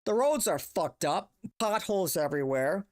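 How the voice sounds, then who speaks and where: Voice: mid-range voice, animated, moderate pace, darkish tone. Profane ranting young streamer. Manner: profane, exasperated, rambling. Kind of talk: casual livestream rant.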